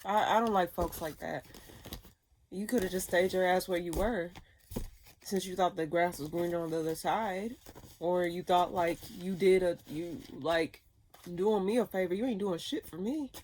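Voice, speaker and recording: Lady reading tarot cards, kinda low voice, cusses a lot and goes off on rants. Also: normal speed, a little mellow, slight background noise. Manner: blunt, profane, ranting. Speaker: tarot reader.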